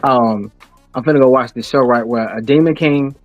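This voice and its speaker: A man co-hosting a podcast, telling a wry, playful pitch in casual chat. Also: moderate pace, dry recording, lo-fi sound, faint music behind. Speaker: podcast co-host.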